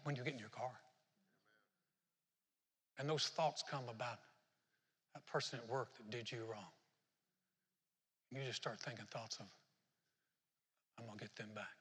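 A male pastor preaching with fervor, calling out to his listeners. His voice is bright and a little husky, and it rings with a long reverb through a big hall. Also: medium pitch. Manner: fervent, talks straight to the congregation. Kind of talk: sermon.

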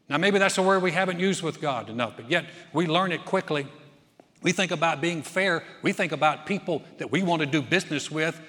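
A man's voice: on the high side, fairly bright tone. A man preaching a sermon as pastor, folksy and joking, telling stories to his congregation in a church sanctuary. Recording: long reverb of a church hall.

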